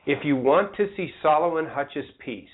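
A man co-hosting a radio show, reading local news items briskly and teasing his co-host in casual chat. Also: on the high side, lively intonation. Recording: tinny phone-like broadcast audio.

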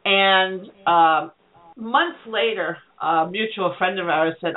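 A woman's voice: medium pitch, unhurried. A woman hosting a talk radio show, chatting candidly and telling stories with animation. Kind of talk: casual chat. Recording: tinny phone-line sound.

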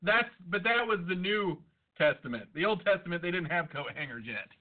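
A man's voice: high voice, lively intonation, a little fast. Profane joking man on a tinny line. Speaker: podcast host. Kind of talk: crude casual banter. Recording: tinny phone-like audio.

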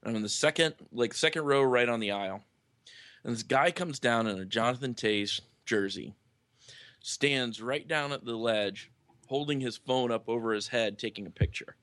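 A man's voice: mid-range voice, moderate pace, a bit bright, no room sound. A man chatting casually on a sports podcast, telling long stories padded with many fillers. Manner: rambling storyteller, many "you know" fillers. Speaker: podcast co-host or guest.

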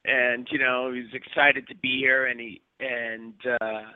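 A man's voice: mid-range voice, little pitch movement, unhurried, smooth, no room sound. A man chatting casually as a guest, rambling with restarts and playful slang. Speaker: guest actor. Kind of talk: casual chat. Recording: phone-like audio.

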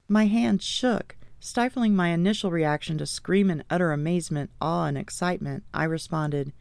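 Woman reading her own memoir audiobook, low gravelly voice, dry close mic. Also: normal speed, darkish tone, no echo. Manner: earnest, faith-filled storytelling.

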